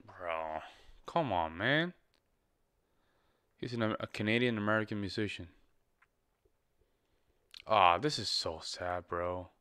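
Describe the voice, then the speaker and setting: Male reaction host, low-ish bright voice, laid-back chatty delivery, dry room. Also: slow pace, pauses often, clear, resonant tone, no room sound. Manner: casual, repeats himself, says bro and man a lot. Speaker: music reaction channel host. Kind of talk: casual reaction commentary.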